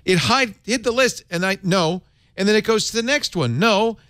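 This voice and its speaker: A man hosting a tech panel discussion, talking in an animated, exasperated way. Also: high voice, fairly quick, no echo, clean studio sound. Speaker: host.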